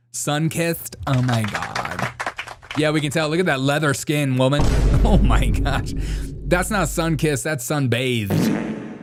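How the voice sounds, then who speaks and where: A man's voice: medium pitch, slight background noise. A man co-hosting a comedy show, mocking video clips with frequent laughter. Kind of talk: casual commentary on video clips.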